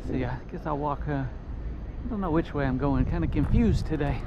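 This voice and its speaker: A man giving a relaxed running commentary while walking outdoors through neighborhood streets, recorded on a handheld phone. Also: a little high, normal speed. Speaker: walking vlogger. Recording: dull outdoor phone audio with street noise.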